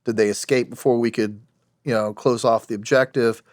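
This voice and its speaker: A man in his forties, formerly in special operations and from the United States, tells stories during a podcast interview in a plain, wry way with many restarts. His medium-pitched voice keeps fairly even intonation at a normal pace. Clean studio sound, without echo.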